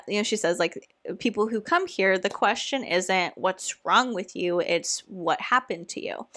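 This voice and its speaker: A young woman hosting a casual commentary video, recapping a documentary in an earnest, emotional way with many fillers and pauses. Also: lowish voice, a bit bright. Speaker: YouTube commentary host.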